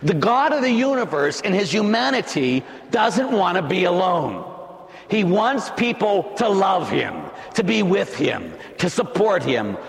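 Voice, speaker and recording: Man, priest, dramatic sermon, emphatic, lively pitch, echoey church. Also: a little slow, vocal fry. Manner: dramatic, emphatic, building to shouts.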